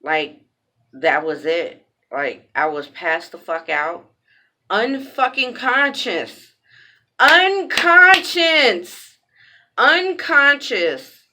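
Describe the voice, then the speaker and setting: A woman's voice: low-pitched, takes it slowly, bright, forceful tone. A woman telling a personal story in a casual vlog, cursing bluntly, repeating phrases for emphasis, raw and emphatic.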